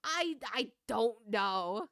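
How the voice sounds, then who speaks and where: A young woman streaming a game, ranting casually with swearing and quick laughs while chatting to viewers. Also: fairly high pitch, expressive, a bit bright. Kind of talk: casual gaming stream chat.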